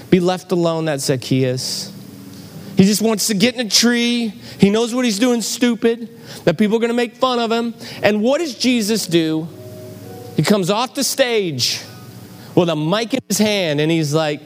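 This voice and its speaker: Pastor guy preaching in church, lil higher voice, storytelling, echoey hall. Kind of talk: sermon. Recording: church hall reverb, faint ambience.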